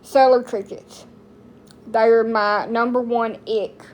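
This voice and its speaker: A woman's voice: on the high side, steady tone, takes it slowly, dull audio. A woman in her thirties from the United States, chatting casually to her viewers in a blunt, rambling way full of folksy slang. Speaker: TikTok streamer. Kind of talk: casual chat to camera.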